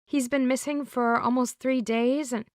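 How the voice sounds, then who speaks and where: A woman's voice: sits high, fairly even intonation, normal speed, darkish tone, dry recording, voice pushed up, natural voice. An anxious young woman, as the narrator voices her, urgent and pleading. Her voice rises above the narration, close and dry.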